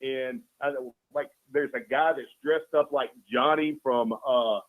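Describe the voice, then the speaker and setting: A relaxed, earnest man chatting as a call-in guest and saying "man" often. His voice is pitched mid-range and comes through a thin, tinny phone line. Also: measured pace. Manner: easygoing, earnest, frequent "man". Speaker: guest, caricature artist. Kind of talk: casual chat.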